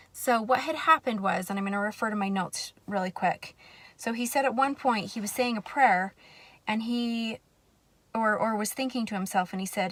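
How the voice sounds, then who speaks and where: A woman's voice: medium pitch, moderate pace, a bit bright, no echo. Earnest woman with a dry close sound. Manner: earnest and reflective. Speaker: vlogger sharing a personal faith story. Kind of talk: personal testimony.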